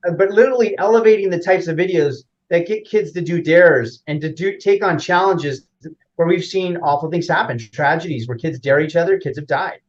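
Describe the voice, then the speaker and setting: Male interview guest, slightly high voice, rambling with fillers, lo-fi audio. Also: a little fast. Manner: rambling, many fillers and restarts. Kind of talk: casual explanatory interview.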